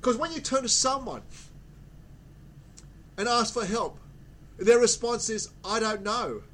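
A man's voice: very high-pitched, measured pace, a bit bright, slight background noise. A man preaching a sermon, stressing and repeating key words with emphatic delivery.

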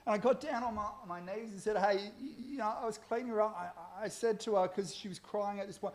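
A man in his thirties preaching a Christmas sermon, telling stories with swings between soft asides and loud outbursts. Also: high-pitched, lively intonation, fast talker, few pauses.

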